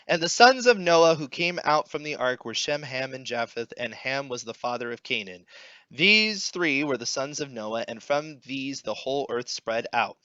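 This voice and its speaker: Young male podcast co-host, bright forceful tone, dry and slightly dull audio, friendly scripture reader. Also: medium pitch, no room sound. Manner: relaxed, friendly, reads scripture aloud with pauses. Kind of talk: casual Bible reading podcast.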